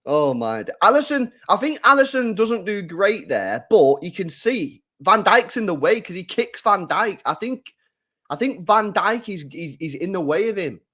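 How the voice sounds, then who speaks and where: Excitable young man reacting live. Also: high-pitched, normal speed. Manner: excitable, bursts into shouts and laughter, chats to viewers. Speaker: streamer hosting a live match watchalong. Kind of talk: live football watchalong reaction.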